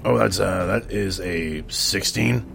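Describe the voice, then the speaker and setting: Deep gravelly stammering man. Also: slow, a bit bright, soft background music. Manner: hesitant, stammering. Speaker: player. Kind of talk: casual tabletop game play.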